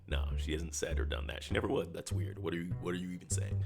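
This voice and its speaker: A man gives deadpan, sarcastic comedic commentary in a very deep voice. He sometimes drops into mock-dramatic whispers. Background music plays under him. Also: fast, gravelly, few pauses. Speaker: comedy vlogger.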